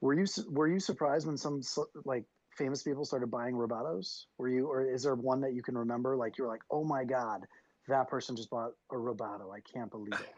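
A man's voice: mid-range voice, brisk, a little mellow, no room sound. A man hosting a podcast, asking enthusiastic, admiring questions in casual talk. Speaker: podcast host. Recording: dull, dry lo-fi sound.

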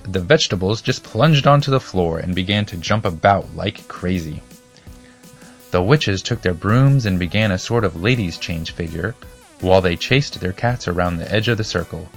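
Low voiced guy reading a kids story, steady, bit of music behind. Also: moderate pace. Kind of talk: scripted storybook narration.

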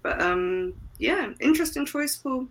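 A woman co-hosting a podcast who gives relaxed, offhand opinions. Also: high voice, measured pace. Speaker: podcast co-host. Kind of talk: casual wrestling chat.

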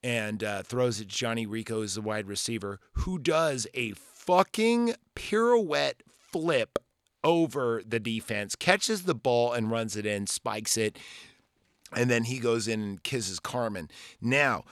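A man's voice: medium pitch, takes it slowly, a bit bright, dry recording, clean studio sound. Rambling, profane man in his forties. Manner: rambling and profane, full of fillers. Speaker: podcast host. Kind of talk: casual movie recap.

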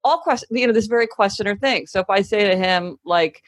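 A woman's voice: medium pitch, a little fast, dry recording. Emphatic middle-aged woman in a dry studio. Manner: emphatic, acts out quoted voices while explaining. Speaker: author and podcast guest. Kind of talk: casual interview conversation.

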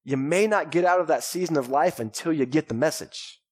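Pastor, male, thirties, from Texas, preaching to a live congregation in a lively way, voice a little high. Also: brisk. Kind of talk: sermon. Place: church sanctuary before a congregation. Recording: live church recording.

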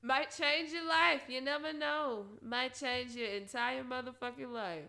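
A woman delivers a loose, profane monologue of advice, laughing between lines. Her voice is bright and a little high, and she swings from easy talk to loud, animated ranting. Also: measured pace, vocal fry. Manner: blunt and profane, laughs often, rants animatedly. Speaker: solo talker giving advice. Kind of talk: casual monologue.

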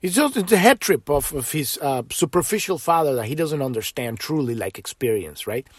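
A man's voice: a little high, animated, fairly quick, slightly rough, dry recording. A man hosting a casual spiritual podcast, rambling with many restarts, tagging sentences with "right?" and swearing freely. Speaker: podcast host.

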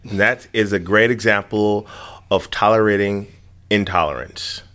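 50s guy chatting loose, swears freely, quick to laugh. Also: on the low side, fairly even intonation, a bit bright. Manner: frank and profane, laughs easily. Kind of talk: casual chat.

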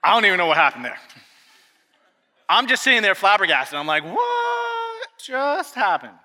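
A man in his thirties delivers a sermon, his high voice swinging up and down as he tells a story. His tone is very bright and sharp. Long reverb from a large church hall trails each phrase. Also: quick pace. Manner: animated storytelling, acting out family dialogue. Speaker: pastor.

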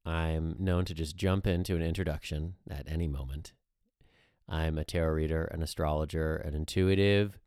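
A man with a very low voice who co-hosts a podcast and tells stories in a chatty, animated way. The sound is dry and close, recorded on a studio mic in a dead room. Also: moderate pace, clean tone, dry recording. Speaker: podcast co-host. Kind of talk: casual chat.

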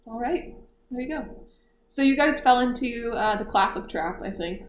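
Animated woman retelling a plot, echoey room. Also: on the high side, normal speed. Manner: animated storytelling, laughs often. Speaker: book club podcast host. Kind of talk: casual chat. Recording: echoey room, faint noise.

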